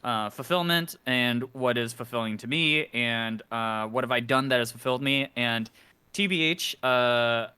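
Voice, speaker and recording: A man's voice: medium pitch, normal speed, sharp tone, clear, resonant tone, dry recording. A man sharing his week in a group session over a video call, chatty and laughing between phrases. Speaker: group member. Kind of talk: casual check-in.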